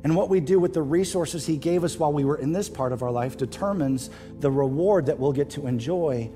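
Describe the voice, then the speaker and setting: A male pastor preaching a sermon to his church, impassioned and rising loud at emotional peaks. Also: a little high, fairly quick, faint music behind. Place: church stage.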